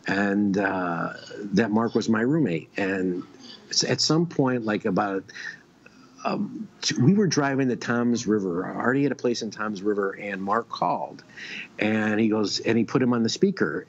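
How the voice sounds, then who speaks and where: A man's voice: lowish voice, lively intonation, moderate pace. A man guesting on a casual radio show, telling long stories with many restarts and fillers. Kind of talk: casual radio chat, storytelling. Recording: dull lo-fi stream audio.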